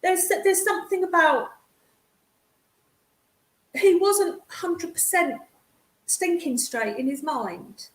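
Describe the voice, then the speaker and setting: A woman's voice: very high voice, expressive, slow, pauses often, echoey room. A woman giving a psychic reading as a medium, chatty and affectionate, calling the sitter darling.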